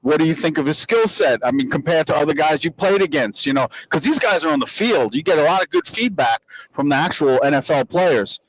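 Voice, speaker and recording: A man's voice: fairly high pitch, animated, a little fast, rough recording. Chatty older man talking sports. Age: 60s. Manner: rambling storyteller, lots of restarts and "you know". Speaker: podcast host. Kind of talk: casual sports chat.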